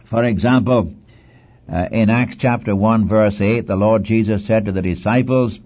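A man's voice: fairly low pitch, moderate pace, darkish tone. A man preaching a sermon in an earnest, exhorting manner, repeating phrases for emphasis, on a dull lo-fi recording.

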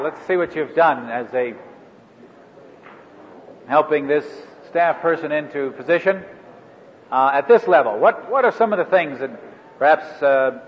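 A man leading a ministry training workshop for a live group, talking in a halting way with many fillers and restarts. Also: fairly high pitch, a little hiss or hum. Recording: echoey hall over a phone-like line.

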